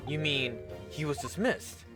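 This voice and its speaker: A man voicing a polite young male lawyer, reading questions from a game in a plain, even way. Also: fairly high pitch, measured pace, over music. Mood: inquisitive. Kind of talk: reading game dialogue aloud.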